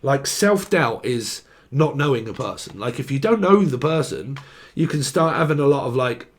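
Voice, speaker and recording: A man's voice: mid-range voice, expressive, moderate pace. A young man giving a tarot reading in a loose, rambling way, swearing freely and laughing at his own jokes. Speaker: tarot reader. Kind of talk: casual unscripted tarot reading.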